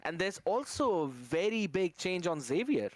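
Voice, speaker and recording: A man with a fairly high voice works through esports tournament commentary, steady and analytical, with stock phrases such as "out here." His voice sits close and dry against the mic. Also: moderate pace, no room sound. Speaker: esports caster.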